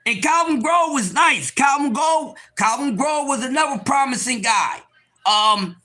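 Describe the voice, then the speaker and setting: Man, very high cartoonish voice, bright, loud and preachy, livestream host. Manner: loud, preachy, often shouting. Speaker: live stream host. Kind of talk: animated livestream talk.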